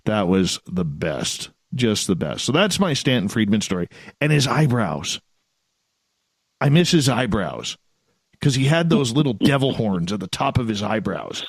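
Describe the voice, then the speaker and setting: A man hosting a radio show, telling stories with animated energy and laughing as he talks. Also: lowish voice, moderate pace, creaky, breathy edge, no room sound, clean studio sound. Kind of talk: casual chat.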